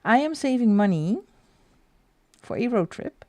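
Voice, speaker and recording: A woman's voice: fairly high pitch, sing-song, a little slow, warm tone, no room sound. A middle-aged woman hosting a coloring livestream, rambling and chatty as she answers her chat and laughs often. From Netherlands. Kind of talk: casual live-stream chat.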